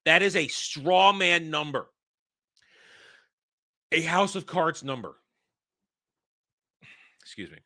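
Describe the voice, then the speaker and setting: A man with a very bright, cutting voice, pitched a little high, hosts a reaction rant. He reads an article aloud, then fires back with heated, profane rebuttals and repeats his points for emphasis. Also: slow, pauses often. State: hiccups. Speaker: host and commentator.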